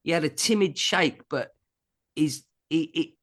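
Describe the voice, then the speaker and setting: A middle-aged man from England, a guest musician telling an anecdote in a casual chat, animated and full of laughs and acted-out quotes. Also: on the high side, a little slow. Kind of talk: casual storytelling.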